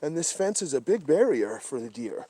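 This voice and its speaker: A man hosting a livestream outdoors at night, talking casually and swearing a lot, often dropping to a hushed whisper. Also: a little high, very animated, moderate pace, husky, dry recording. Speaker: livestream host. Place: outdoors at night in brush by a creek.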